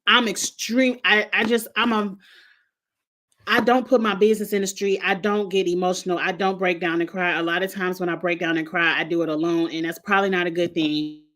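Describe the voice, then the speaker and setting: A woman hosting a casual livestream reviews a reality show bluntly, laughing often and greeting chat viewers by name between remarks. Her voice is on the low side and fairly bright, with little pitch movement and a fairly quick pace.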